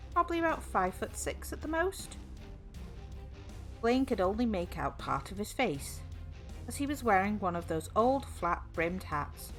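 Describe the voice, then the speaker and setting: A woman streamer reads a horror story aloud with very lively, expressive pitch. Faint music plays softly under her voice, and she greets her chat warmly between passages.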